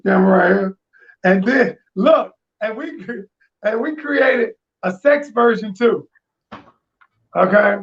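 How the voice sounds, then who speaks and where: High-voiced man pitching his games. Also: slow, pauses often. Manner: eager, salesy. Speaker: game creator and guest. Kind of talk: casual interview chat. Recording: echoey, dull lo-fi audio.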